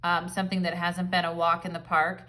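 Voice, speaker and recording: A woman's voice: lowish voice, completely flat delivery, brisk, pushed and bright. Chatty woman giving a tarot reading. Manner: chatty, rambling, filler-heavy. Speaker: tarot reader. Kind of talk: casual pick-a-card tarot reading.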